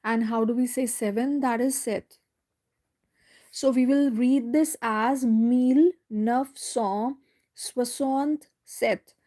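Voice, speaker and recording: A woman teaching French in a live online lesson, going slowly step by step, repeating words and checking in with "right?". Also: on the high side, mellow.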